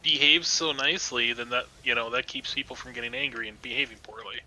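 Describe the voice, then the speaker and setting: A man's voice: mid-range voice, fast talker, sharp tone, low-quality recording. A man voicing a wacky, dim guy in a mock Boston-New York hybrid accent, rambling on in folksy stories.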